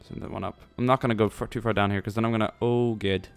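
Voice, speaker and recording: A man with a fairly low voice talks through a strategy game, thinking aloud as he plays. He rambles and throws in jokey asides, with faint music playing under his voice. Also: steady tone, quick pace, clean tone. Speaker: let's play commentator. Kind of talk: casual gameplay commentary.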